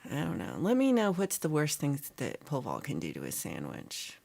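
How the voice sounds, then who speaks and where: Teasing woman with a low, lively voice. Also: normal speed, creaky. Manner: teasing, chatty, reads chat aloud. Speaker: livestream host. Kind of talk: casual chat with live chat.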